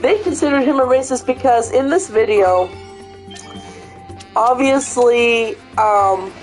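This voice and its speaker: A woman with a fairly high voice chats casually, retelling a story with lively, profane enthusiasm. Faint music sits behind her. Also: slow, rough recording. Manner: animated storytelling, swears freely. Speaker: host. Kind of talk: casual chat.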